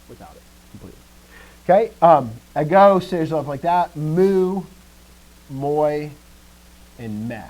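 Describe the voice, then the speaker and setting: A man's voice: medium pitch, low-quality recording. Man teaching Greek to a class. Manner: lively, asks the class questions, often quiet and trailing off. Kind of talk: classroom lecture.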